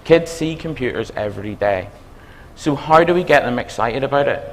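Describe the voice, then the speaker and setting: A man with a Belfast accent giving a conference talk as a university dean, talking fast and quizzing the audience. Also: mid-range voice, animated. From Northern Ireland. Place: lecture hall. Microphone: stage microphone. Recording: reverberant hall.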